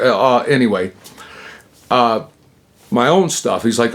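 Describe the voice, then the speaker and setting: A man's voice: mid-range voice, animated, slow, long pauses. A man hosting his own channel, telling a personal story in a rambling, casual way, full of fillers and acted-out dialogue. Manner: rambling, acts out quoted dialogue; frequent fillers and self-interruptions. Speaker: channel host.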